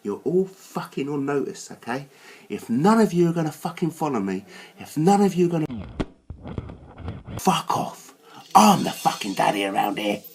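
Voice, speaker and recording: A man delivering a furious, swearing rant as host of his own channel, dropping to low growls and then bursting out high. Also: sing-song, fairly quick, darkish tone, slight background noise. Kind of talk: angry rant to camera.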